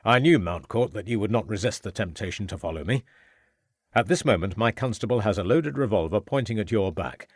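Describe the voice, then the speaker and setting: Male reader voicing the audiobook inspector: low, firm, unhurried, dry sound. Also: expressive, slightly rough, dry recording. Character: calm, resolute male police inspector. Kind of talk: audiobook character voice.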